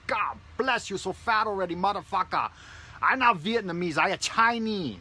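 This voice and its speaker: A man voicing a loud, rude, pushy male restaurant customer who shouts in broken English and swears heavily. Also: high-pitched, pitched above the performer's own voice.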